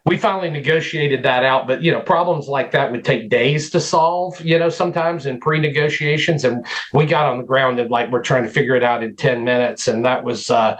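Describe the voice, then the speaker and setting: A man speaking as a guest on a radio show, talking in a relaxed, reflective way. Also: mid-range voice, a little fast, few pauses, poor audio. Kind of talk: casual interview chat.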